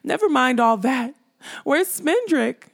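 A woman's voice: high-pitched, animated, takes it slowly, creaky, no echo, clean studio sound, voice pushed up, exaggerated voice. A woman voicing an insistent young heroine in a storybook reading. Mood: urgent. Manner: urgent, demanding.

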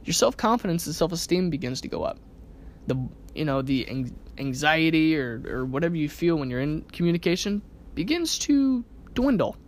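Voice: medium pitch, big pitch swings, moderate pace, a little hiss or hum. Give me a podcast host talking casually through self-help advice, checking in with "right?" a lot. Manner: conversational, keeps asking "right?".

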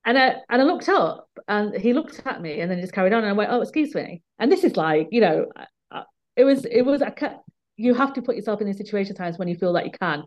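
A woman's voice: mid-range voice, expressive, fast talker. A woman, a guest who runs her own company, telling candid stories of speaking up at work, acting out what people said. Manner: emphatic, recounting confrontations with quoted dialogue. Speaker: guest, business owner. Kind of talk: candid storytelling in conversation. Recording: dull lo-fi sound.

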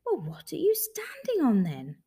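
A woman voicing Rabbit, a keen toy rabbit who speaks in an eager, often breathy hush, in a storybook reading. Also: high voice, huge pitch swings, a little slow, voice pushed up, exaggerated voice.

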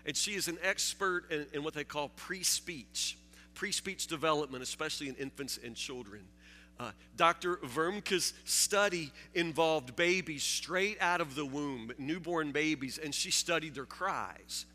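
A man preaching a sermon, halting and repeating words, joking with his listeners. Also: on the high side, lively intonation, sharp tone, faint music behind. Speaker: pastor. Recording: long hall reverb.

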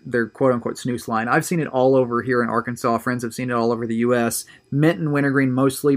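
Chatty, upbeat male video host. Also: mid-range voice. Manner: chatty and conversational, often repeating words. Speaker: host of a tobacco review show. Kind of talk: casual solo video monologue.

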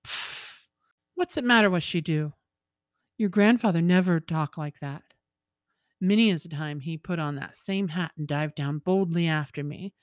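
A woman's voice: low voice, dry recording, studio quality, natural voice. A woman doing a sly old sea merrow. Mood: coaxing. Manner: coaxing, teasing, quick banter.

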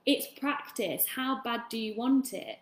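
A woman's voice: on the high side, unhurried. A woman, a self-love coach, giving a rambling, casual motivational talk and swearing freely. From England. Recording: echoey room.

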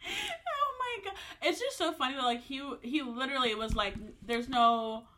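A woman co-hosting a casual podcast, reacting with quick interjections and some swearing. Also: on the high side, sharp tone. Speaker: podcast co-host. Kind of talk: casual chat.

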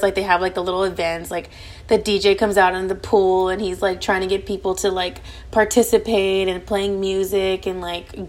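Young female podcast host; rapid, lively, profane storytelling voice. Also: mid-range voice. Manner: fast, animated, profanity-laden chatter. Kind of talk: casual storytelling.

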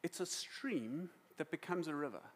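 A man with a South African accent preaching a sermon in a lively, emotional storytelling manner. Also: fairly high pitch, moderate pace. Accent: South African English. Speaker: pastor.

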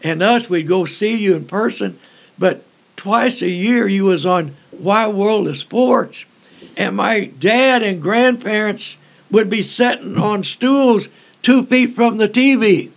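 An older man, an evangelist, telling folksy stories in an interview, joking and pausing often with fillers. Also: high voice. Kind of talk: storytelling in an interview.

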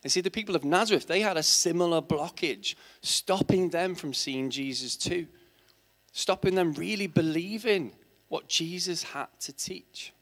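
In church, a teacher delivers a sermon in a slightly high, fairly bright voice at a moderate pace. He poses rhetorical questions to his congregation and builds toward emphatic, passionate points.

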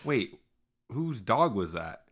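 A man's voice: mid-range voice, sing-song, takes it slowly, fairly bright tone. A young man co-hosting a podcast in casual chat, teasing and rambling. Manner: teasing, rambling, laughs easily. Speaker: podcast co-host.

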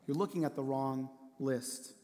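A man preaching a sermon, telling a personal story in an earnest way that sometimes drops to a hush. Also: mid-range voice, steady tone, a little slow. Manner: earnest storytelling, drops to a hushed voice for tender moments. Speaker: pastor. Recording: long hall reverb.

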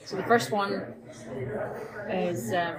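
A woman's voice: mid-range voice, fairly even intonation, slow. A woman with a Scottish accent, co-hosting a podcast in casual chat, often laughing. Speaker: podcast co-host, dog behaviourist. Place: busy coffee shop. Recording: noisy café crowd. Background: café crowd chatter.

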